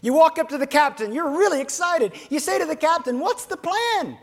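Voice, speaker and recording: A man giving a motivational keynote speech to financial advisors, swinging between loud emphasis and hushed near-whispers and slowing down to stress key phrases. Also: extremely high pitch.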